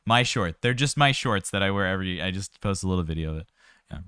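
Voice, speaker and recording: A man's voice: low-pitched, expressive, quick pace, pushed and bright, smooth, no echo, clean studio sound. A man working as a vocal coach, giving casual, explanatory reaction commentary and sometimes laughing at his own jokes.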